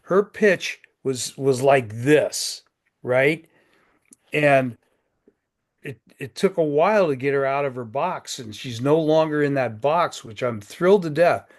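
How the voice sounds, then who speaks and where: A man's voice: fairly high pitch, expressive, a little slow. A man in his sixties hosting a networking group on a video call, folksy and joking, often repeating his words.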